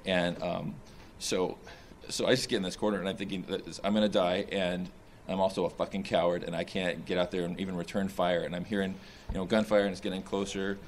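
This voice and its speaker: A young man, a soldier in therapy, recounting combat in a halting, distressed way with many restarts and fillers; he sounds shaken and nauseous. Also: low-pitched, little pitch movement, slight background noise.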